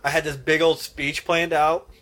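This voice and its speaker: A man with a sharp, bright tone and a voice pitched a little high chats on a podcast. He tells personal stories in an earnest, rambling way. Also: little pitch movement, moderate pace. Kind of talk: casual chat.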